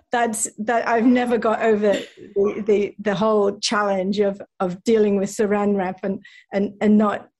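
English woman guest, husky tone, self-deprecating, halting delivery. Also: medium pitch, flat delivery, a little mellow. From England. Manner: self-deprecating, many restarts and laughs. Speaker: actress guest. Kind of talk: casual interview chat.

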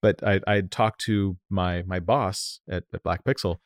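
A man from the United States, a company founder, telling stories in an animated, lively way during a casual interview. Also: low voice, a little slow, no echo, clean studio sound. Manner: animated, lively storyteller who acts out quotes.

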